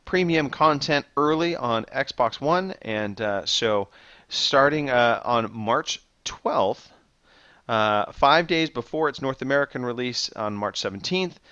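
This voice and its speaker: A man's voice: mid-range voice, slow pace, clear, resonant tone, no room sound, lo-fi sound. A man co-hosting a gaming podcast, reading out news and quizzing his co-hosts in a teasing, game-show way. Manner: animated, teasing quiz-show delivery. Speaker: podcast co-host running a quiz. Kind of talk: casual gaming chat.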